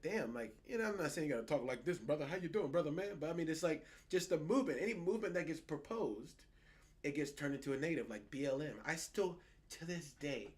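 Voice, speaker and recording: Animated, swearing man on a podcast. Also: a little high. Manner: animated, profane, mocking quoted voices. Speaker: podcast co-host. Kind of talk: casual political chat.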